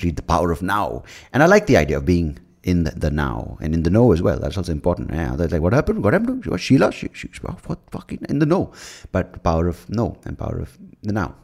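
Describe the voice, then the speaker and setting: Deep-voiced male podcast host; loose, meandering solo talk full of fillers and casual swearing, recorded close to the mic. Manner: rambling, with many fillers and restarts; swears freely. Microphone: leaning in close to the mic.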